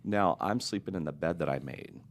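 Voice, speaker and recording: A man's voice: low voice, a little fast. A middle-aged man telling his own story in an earnest, confessional and reflective way during a podcast interview.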